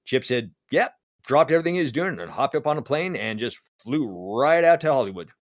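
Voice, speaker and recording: A man's voice: mid-range voice, fairly quick, no room sound, studio quality. A man co-hosting a casual podcast, telling a story and acting out the voices of the people he quotes. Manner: animated, acts out quoted voices. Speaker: podcast co-host.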